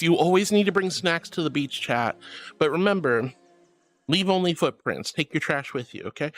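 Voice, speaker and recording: A woman VTuber reads chat messages on her stream, giggling brightly and calling her viewers darling and sweetie. Her low voice has a sing-song lilt at a normal pace, and soft music plays behind her.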